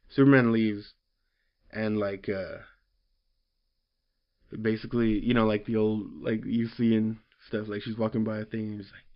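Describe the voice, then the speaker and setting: A man's voice: lowish voice, fairly even intonation, moderate pace, highs cut off. A man casually recapping a story, rambling with lots of fillers and loosely quoting characters. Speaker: comic book reviewer.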